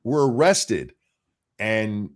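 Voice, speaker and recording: A man with a fairly low voice co-hosts a casual political chat show. He rants bluntly, swears freely and restarts his sentences as he goes. He sounds like a talk-show regular speaking off the cuff. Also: sing-song, drawn-out words. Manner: blunt, profane ranting with frequent restarts. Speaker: show co-host.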